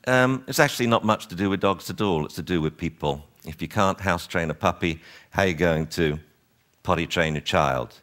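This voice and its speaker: A man lecturing a seminar on dog training, animated and wryly exasperated, acting out owners and dogs as he goes. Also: sits low, normal speed.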